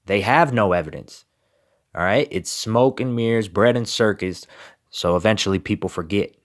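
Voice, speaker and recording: Man, lowish voice, emphatic, repetitive, rhetorical questions, political sermon. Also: moderate pace. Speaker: religious commentator. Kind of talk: political commentary and scripture reading.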